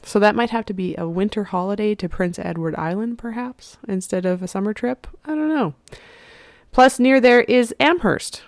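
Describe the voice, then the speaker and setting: A woman's voice: fairly low pitch, creaky, darkish tone, dry recording, clean studio sound. A young woman hosting her own podcast, chatting casually and musing aloud, with lots of "you know". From Saskatchewan, Canada. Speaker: podcast host. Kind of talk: casual solo podcast talk.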